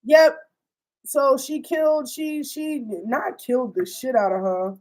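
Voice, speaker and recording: Young woman w a kinda high voice, casual storytime recap, slangy and swearing, acts out the quotes. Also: lively intonation, a little slow, a little mellow, poor audio. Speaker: host recapping a TV series.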